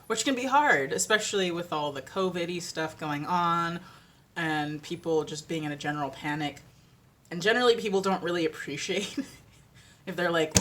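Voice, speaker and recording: A woman's voice: on the low side, lively intonation, normal speed, a bit bright, slight background noise. A woman vlogging from home in a casual, rambling chat, with lots of "like" and laughter. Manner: chatty and rambling, with many fillers and laughs. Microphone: ring-lit camera.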